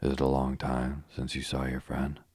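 A man's voice: extremely low pitch, monotone, moderate pace, darkish tone, slightly rough, no echo. A man reading the lines of a gushing young lady who asks eager questions, in an effusive manner.

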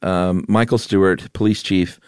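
A man co-hosting a podcast, laying out events in a relaxed storytelling way with filler pauses. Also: low-pitched, clean tone, no room sound, studio quality. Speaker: podcast co-host. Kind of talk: casual conversational storytelling.

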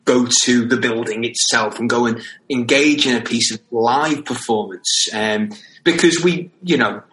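A man with a Scouse accent chatting in an interview, bright and forward in tone. He stumbles and repeats words while gathering his thoughts. The sound is echoey, as if in a bare room. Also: mid-range voice. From England. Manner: halting, repeats words as he thinks. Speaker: theatre company guest. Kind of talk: casual interview chat.

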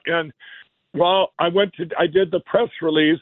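A man from Minnesota tells a long story over a tinny phone line. His voice sits a little high, and he rambles, doubling back on his words. The sound is dry and close. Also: steady tone, moderate pace, dry recording. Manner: rambling, repeats and restarts words. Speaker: guest, company founder. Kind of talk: casual storytelling.

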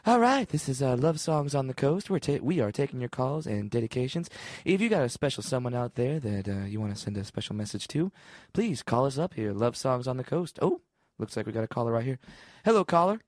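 A man's voice: mid-range voice, very animated, brisk, hardly any pauses, a little mellow, no echo, clean studio sound, close to an everyday voice. A man voicing a late-night radio dedication host, with soothing host patter. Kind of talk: improvised comedy role-play.

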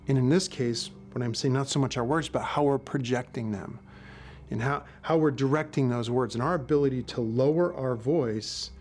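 A man preaching in a middle-range voice, talking through his sermon as an easygoing story. He often stops and restarts mid-phrase. The delivery is plain and unhurried. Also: medium pitch, darkish tone. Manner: conversational storytelling with frequent restarts. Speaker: pastor and former police officer.

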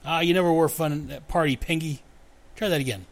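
A man's voice: fairly high pitch, fairly quick, voice pushed up, lightly acted. A man voicing a cocky, self-assured male hired gunman with a drawling delivery.

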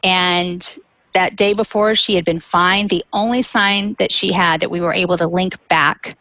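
A woman's voice: fairly low pitch, fairly even intonation, a little slow, pushed and bright, dry recording, low-quality recording. A woman guest telling a personal caregiving story, candid, with light laughs between serious points.

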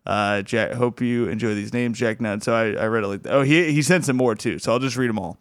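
A man hosting a comedy podcast in a relaxed, chatty way, chuckling often between thoughts. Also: mid-range voice, fairly quick, no echo, studio quality. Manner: laid-back, chuckles often, restarts. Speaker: podcast host. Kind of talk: casual podcast chat.

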